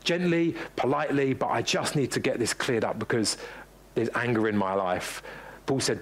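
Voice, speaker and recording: A man's voice: mid-range voice, moderate pace. A man preaching a sermon in a conversational way, often restarting and acting out short quotes. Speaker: pastor.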